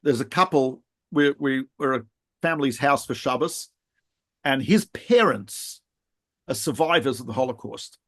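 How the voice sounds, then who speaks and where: A middle-aged man, a rabbi co-hosting a podcast, telling animated anecdotes with laughs and restarts in casual chat. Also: medium pitch, moderate pace.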